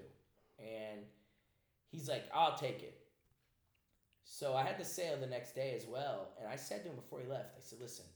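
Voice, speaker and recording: Profane Italian-American man telling stories. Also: mid-range voice. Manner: profane, animated storytelling with put-on voices. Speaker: podcast host. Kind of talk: casual storytelling chat. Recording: echoey room.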